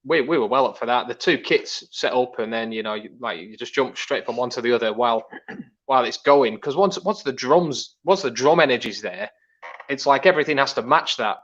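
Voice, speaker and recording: A man chats as a guest, rambling and restarting his sentences. His voice sits mid-pitch and the audio is dull and lo-fi. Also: expressive, fairly quick, a bit bright. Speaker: guest musician. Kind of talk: casual chat.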